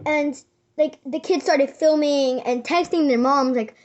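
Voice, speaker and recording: A woman's voice: high-pitched, slow pace, darkish tone. A woman vlogger retelling a sad event in casual chat, rambling with many fillers and restarts and sometimes dropping to a whisper. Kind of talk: casual storytelling.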